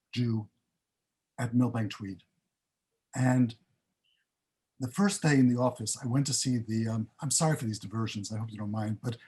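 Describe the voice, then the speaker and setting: A man's voice: mid-range voice, a little mellow, slightly rough. An older man on a panel, recounting his career in a rambling, self-interrupting way.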